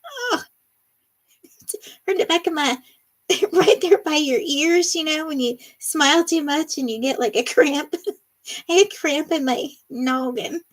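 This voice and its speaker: A woman's voice: sits high, measured pace. A middle-aged woman hosting a casual livestream, reading viewer comments aloud and laughing often in a bubbly, chatty way. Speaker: livestream host.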